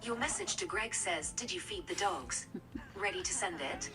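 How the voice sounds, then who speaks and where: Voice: mid-range voice, normal speed. Synthetic assistant voice from a distant phone. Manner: even, polite prompts. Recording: phone speaker off-mic, music behind.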